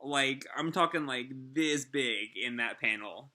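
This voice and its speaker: A man's voice: mid-range voice, measured pace, pushed and bright. A man chatting casually through a live manga chapter reaction, enthusiastic and full of fillers.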